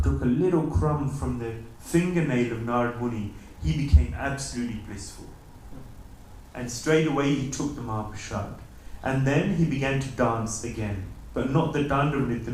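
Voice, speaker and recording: Male temple lecturer, animated storyteller, recorded from afar in a very reverberant hall. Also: medium pitch, slight background noise. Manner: animated storyteller, acts out voices of characters. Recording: very echoey hall, mic at a distance.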